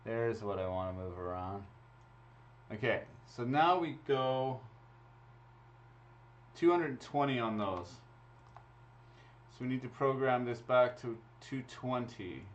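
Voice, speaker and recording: This raffle host speaks slowly and expressively in a medium-pitched male voice, pausing often. Chatting and laughing on a casual livestream, he narrates each draw into his computer mic. The recording has a flat, low-fidelity stream quality.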